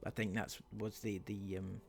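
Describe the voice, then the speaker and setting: A man's voice: on the low side, level tone, normal speed, gravelly, a little mellow. A man doing sarcastic commentary on online clips, mocking and laughing at what he plays. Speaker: commentary YouTuber.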